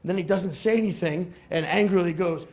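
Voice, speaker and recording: A young man telling a stand-up comedy story, animated and acting out characters with shouted outbursts, recorded live with a laughing audience. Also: high-pitched, fairly quick. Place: comedy club stage. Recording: live club with crowd laughter.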